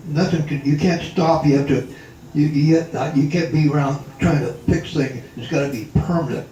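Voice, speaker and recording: A man in his eighties, a retired drummer and tap dancer, tells life stories to a family reunion gathering in an indoor hall, rambling with many restarts and fillers. His voice is mid-range with a dark tone. The recording has roomy echo, distant miking, and faint background hum.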